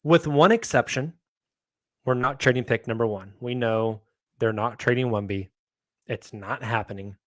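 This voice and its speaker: A man's voice: mid-range voice, normal speed, no room sound. Man hosting a sports podcast. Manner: upbeat, moderating the panel. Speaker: podcast host. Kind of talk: casual sports podcast chat.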